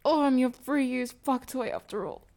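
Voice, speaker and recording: A woman playing a breathy, flustered young streamer. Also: sits high, lively intonation, a little mellow. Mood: breathless.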